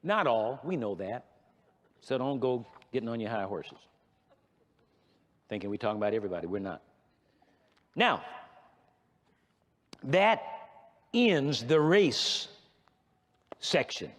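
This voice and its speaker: A man's voice: mid-range voice, very animated, slow pace, pauses often. A male pastor teaching a sermon in an emphatic, conversational way, repeating phrases for stress, in a church sanctuary. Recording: long reverb of a large church hall.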